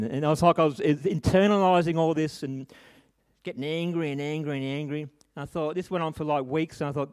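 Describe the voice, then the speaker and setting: A man's voice: fairly high pitch, a little fast. Earnest man preaching. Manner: earnest, conversational, with tag questions and restarts. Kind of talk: sermon with personal story.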